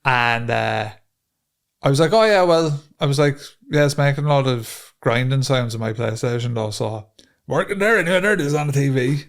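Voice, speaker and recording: A man's voice: mid-range voice, expressive, normal speed, vocal fry. An Irish man co-hosting a podcast, telling a profane, ranting story in casual chat. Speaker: podcast co-host.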